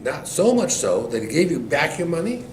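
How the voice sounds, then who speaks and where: A man's voice: fairly high pitch, very animated, moderate pace. A man voicing a stern male angel who rebukes firmly, recorded far off in an echoey, noisy room. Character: stern male angel delivering heavenly judgment. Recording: echoey room, distant mic, background noise.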